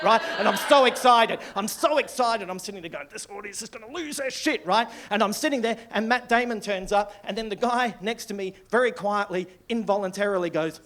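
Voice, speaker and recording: Australian man in his 60s, stand-up comedian, high voice, excitable, swears a lot, rambling stories. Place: comedy club stage.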